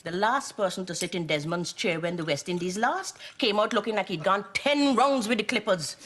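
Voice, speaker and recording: A woman's voice: mid-range voice, moderate pace, a bit bright, natural voice. An actress playing a wry mother who teases her family dryly. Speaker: mother, barbershop owner's wife. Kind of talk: sitcom acting. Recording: noisy TV sitcom audio.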